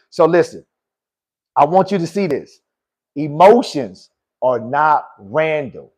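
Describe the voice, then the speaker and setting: A man's voice: fairly high pitch, creaky, a little mellow, husky. A man hosting a motivational podcast, talking in a preachy way, repeating key lines for emphasis and calling his listeners "good people.". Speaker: podcast host and life coach.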